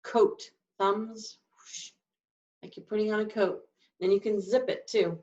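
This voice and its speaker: In a live sign language class, a woman with a mid-range, darkish voice explains signs at a measured pace with fairly even intonation. She's demonstrative, acting out emotions vocally. A faraway mic leaves the recording dull and lo-fi.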